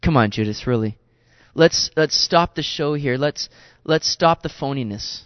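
A preacher putting on a calm, firm confronter. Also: male voice, fairly high pitch, unhurried, smooth, dry recording, voice pushed down, lightly acted. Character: calm, direct grown man confronting a betrayer. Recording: dull lo-fi recording.

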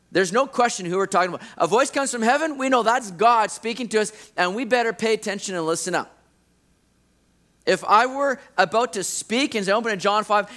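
A man preaching a sermon, teaching from Scripture and acting out the people he quotes. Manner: animated, acts out quoted voices with big pitch swings. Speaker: pastor.

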